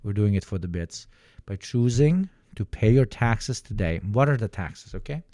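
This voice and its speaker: A man's voice: fairly low pitch, expressive, moderate pace, mellow, no echo, clean studio sound. A man streaming a casual reaction, joking and sarcastic, often laughing and restarting his sentences. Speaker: streamer reacting to online posts. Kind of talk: casual livestream reaction commentary.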